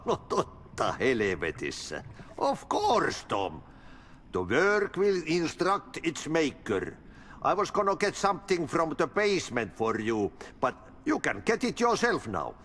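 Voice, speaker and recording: A chuckling Finnish janitor. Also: male voice, a little high, wildly swooping pitch, measured pace, a bit bright, exaggerated voice. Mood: cryptic cheerful. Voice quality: sing-song, chuckling, folksy sayings. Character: cheerful eccentric Finnish janitor, man, speaks in proverbs. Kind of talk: video game dialogue.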